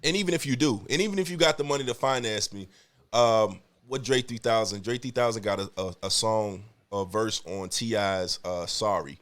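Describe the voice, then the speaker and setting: A man's voice: fairly low pitch, normal speed, fairly bright tone. A young man hosting a podcast, ranting bluntly and profanely in casual talk. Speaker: podcast host.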